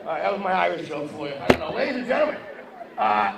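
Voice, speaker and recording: Brash comic with a gravelly high voice. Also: male voice, animated, quick pace. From Massachusetts. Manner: brash, profane, teasing the audience. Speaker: stand-up comedian. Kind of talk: stand-up with crowd work. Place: breakfast event hall with audience. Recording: echoey hall, distant mic, crowd noise.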